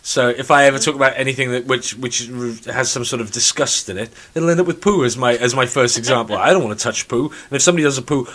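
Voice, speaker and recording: A man's voice: medium pitch, fast, hardly any pauses, fairly bright tone. A man in casual podcast chat, blunt and argumentative, swearing and exaggerating for fun. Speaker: podcast co-host.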